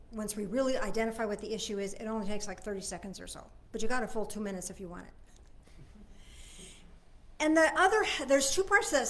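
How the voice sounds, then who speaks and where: High-voiced woman leading a casual service. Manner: conversational, often checks in with listeners; swings between soft asides and emphatic points. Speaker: spiritual minister. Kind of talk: informal Sunday service teaching.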